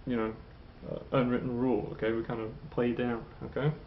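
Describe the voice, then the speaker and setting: A man teaching a French lesson, explaining slowly, saying "okay" a lot and repeating each model phrase twice. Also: mid-range voice, flat delivery, lo-fi sound, a little hiss or hum. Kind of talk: classroom lesson.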